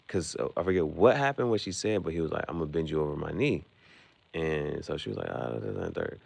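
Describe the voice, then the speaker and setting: A man with a very deep, gravelly voice rambles through a casual movie recap. His pitch swings widely, and he keeps saying "you know what I'm saying". The sound is close and dry. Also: no echo. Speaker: vlogger.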